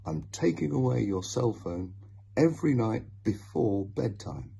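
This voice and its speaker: A man's voice: medium pitch, expressive, measured pace, vocal fry, mellow, breathy edge, exaggerated voice. A man voicing an anxious, caring mother who scolds firmly, in a children's storybook reading. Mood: worried. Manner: worried, firm and scolding.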